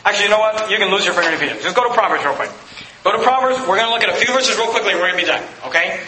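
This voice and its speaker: A man preaching a sermon as pastor, shouting at the peaks and dropping to quick asides. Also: high-pitched. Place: church sanctuary. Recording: echoey hall, noisy.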